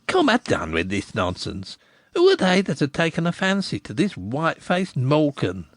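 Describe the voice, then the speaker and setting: A man's voice: fairly high pitch, wildly swooping pitch, normal speed, no room sound, clean studio sound, voice pushed up, full character voice. A man voicing a stout, matronly village woman who speaks tartly in a rustic dialect. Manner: tart, skeptical rustic speech.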